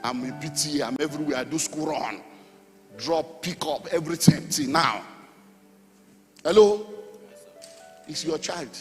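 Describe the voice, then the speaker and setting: A middle-aged Nigerian man preaching a sermon as pastor, animated, with sudden shouts and sung phrases. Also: fairly high pitch, moderate pace. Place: church hall. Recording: long hall reverb, faint music.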